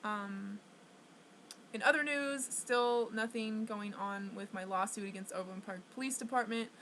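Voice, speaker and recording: Stressed young woman venting, bright voice. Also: medium pitch, normal speed, slight background noise. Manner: rambling, constant fillers and swearing. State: stressed and upset. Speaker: vlogger. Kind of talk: venting to camera.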